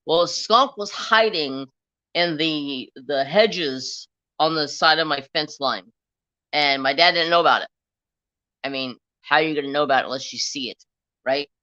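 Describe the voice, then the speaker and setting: A man hosting a craft stream, telling a rambling story in a casual, animated way and swearing freely. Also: on the high side, normal speed, dry recording. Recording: slightly dull, lo-fi sound.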